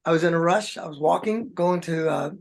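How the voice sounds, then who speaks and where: A man's voice: on the high side, a little fast, vocal fry. A man, a rock drummer, telling long rambling stories in a casual interview chat. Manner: rambling, chatty storyteller, says man and dude a lot.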